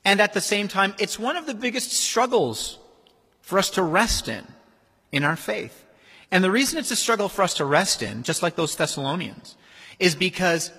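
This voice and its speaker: A man preaching a sermon as pastor, in a conversational, animated way. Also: high voice, moderate pace, breathy edge. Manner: conversational, animated, acts out quoted voices. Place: church sanctuary. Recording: long hall reverb.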